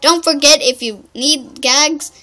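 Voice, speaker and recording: Cartoon duck quest-giver, quacking after each line, voiced by a young woman, unhurried, a bit high. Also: pushed and bright, full character voice. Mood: chirpy. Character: chirpy cartoon duck toon giving a quest.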